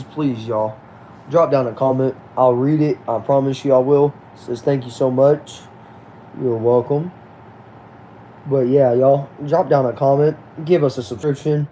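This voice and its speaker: Medium in pitch and dark in tone, this American man's voice carries slight background noise. Tired and sleepy, he runs a loose live stream, greeting people by name as he reads out their comments.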